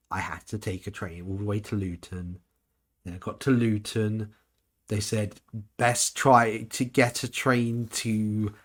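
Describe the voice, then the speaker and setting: A young man tells a rambling story straight to camera. His voice sits a little low, and the talk is loose and animated, full of asides and quoted voices. It sounds like a casual vlog monologue. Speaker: anime convention reviewer.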